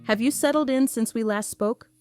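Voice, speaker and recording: A woman's voice: on the high side, normal speed, a little mellow, soft background music, voice pushed up, natural voice. Woman voicing a fussy, nagging mother. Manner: worried, nagging. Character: fussy, overprotective middle-aged mother.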